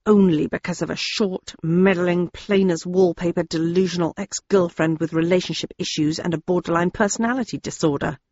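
A woman reading the part of a bitter, jealous middle-aged woman who heads a convent, speaking slowly and low with grudging insults. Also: steady tone, a little mellow, muffled recording. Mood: resentful.

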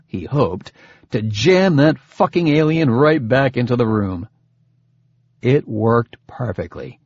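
A man narrates an audiobook in a husky voice, bringing expressive, dryly humorous storytelling. His pitch moves in wide, animated swings. The recording is dull and lo-fi, with no room sound at all. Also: no echo. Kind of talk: scripted narration. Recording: dull lo-fi, dry close recording.

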